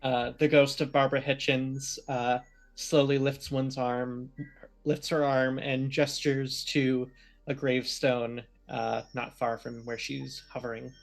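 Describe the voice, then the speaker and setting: A man narrating as game master of a tabletop role-playing game, often pausing with fillers as he describes the scene. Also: mid-range voice, little pitch movement, vocal fry, faint music behind. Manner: hesitant, filler-heavy narration.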